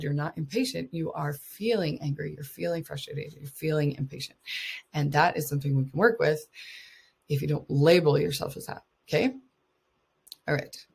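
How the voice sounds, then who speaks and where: A woman's voice: lowish voice, creaky, husky. A woman life coach talking casually to mothers, earnest and encouraging, often laughing between points.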